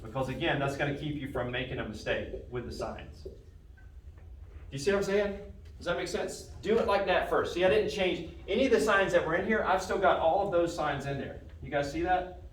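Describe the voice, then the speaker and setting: A man's voice: fairly high pitch, a little fast. A man teaching a math class, walking students through problems and often checking that they understand. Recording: echoey classroom from a distance.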